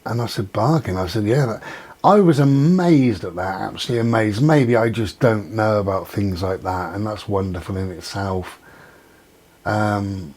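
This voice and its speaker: A man's voice: on the low side, normal speed, a little mellow. A man talking casually to camera, telling rambling anecdotes and acting out what he and others said. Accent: not local to Dorset. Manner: chatty storyteller, acts out quoted exchanges. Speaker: vlogger. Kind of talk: casual monologue.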